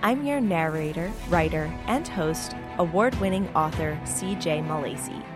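A woman narrating an audiobook and hosting its podcast, reading with steady, expressive storytelling. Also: lowish voice, a little slow, music in the background.

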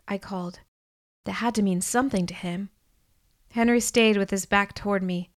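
A woman's voice: medium pitch, fairly even intonation, moderate pace, dry recording. A woman reading a first-person novel aloud with earnest, emotional delivery, close to the mic. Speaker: audiobook narrator.

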